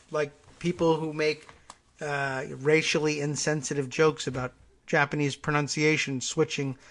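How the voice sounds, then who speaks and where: A man's voice: a little high, fairly bright tone. A man hosting a morning talk radio show, thinking aloud and reading out online posts in a casual, rambling way.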